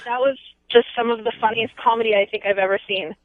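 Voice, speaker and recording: A woman's voice: a little high, steady tone, quick pace. A woman calling in to a radio show and gushing as a fan over the phone. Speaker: caller. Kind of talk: call-in radio. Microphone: phone line. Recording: tinny phone line.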